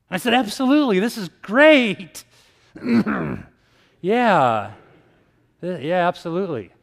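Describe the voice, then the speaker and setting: A man giving a sermon-style talk, telling stories with lively acted-out dialogue. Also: mid-range voice, big-room sound. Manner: animated storyteller, acts out dialogue. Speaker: evangelist speaker.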